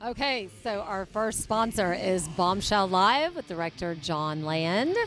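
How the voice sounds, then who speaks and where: A woman's voice: medium pitch, animated, measured pace, a bit bright, soft background music, poor audio. A woman co-hosting live TV, reading sponsor thanks in a chatty, flustered way. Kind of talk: live TV presenting.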